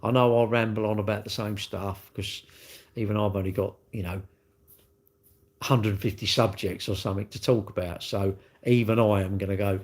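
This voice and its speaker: A man with a lowish voice, fairly flat intonation and a moderate pace chats casually to viewers as a livestream host. He rambles and repeats himself in a blunt, talkative way.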